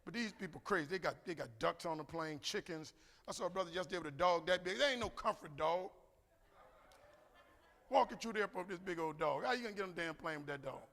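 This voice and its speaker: A man's voice: high-pitched, fast. A man giving a motivational keynote, telling stories and acting out both sides of a conversation. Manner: animated, preacherly, acts out both sides of a dialogue. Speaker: keynote speaker. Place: large conference hall. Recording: echoey hall with long reverb.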